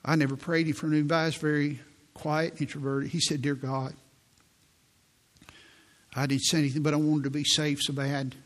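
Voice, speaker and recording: In a church sanctuary, a pastor in his sixties preaches a sermon, telling stories earnestly and slowing down whenever he quotes prayers. His voice is on the high side with a level tone.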